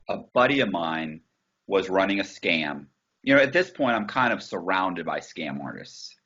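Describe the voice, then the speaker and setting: A man guest in an interview, telling his story in a blunt, profane, animated way over a video call. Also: lowish voice, muffled recording. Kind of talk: casual storytelling.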